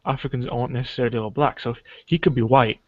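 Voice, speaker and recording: A British man chatting casually on a podcast, excitable and jokey. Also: mid-range voice, fast talker, no room sound. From Britain. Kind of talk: casual chat. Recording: dull lo-fi dry sound.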